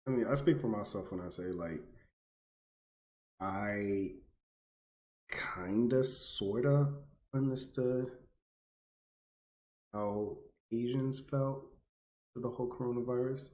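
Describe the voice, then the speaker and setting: A man speaking in a halting, earnest way, searching for his words as he responds. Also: mid-range voice, darkish tone. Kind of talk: earnest casual discussion. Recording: roomy echo.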